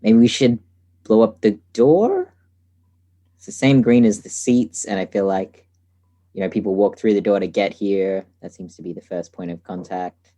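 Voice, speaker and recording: A man playing in a tabletop role-playing game, talking in a calm, measured way. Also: deep voice. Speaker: player.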